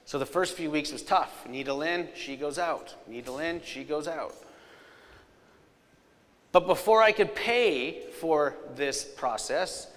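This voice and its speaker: A man giving a live storytelling safety presentation, energetic, with loud punchlines and quiet, serious asides. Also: fairly high pitch, slow pace. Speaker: safety speaker. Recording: long hall reverb.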